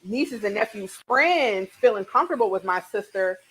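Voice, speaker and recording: A woman's voice: medium pitch, animated, moderate pace, a bit bright, slightly rough. A woman hosting a casual cooking show, bubbly and exclamatory, chatting straight to her viewers as she cooks.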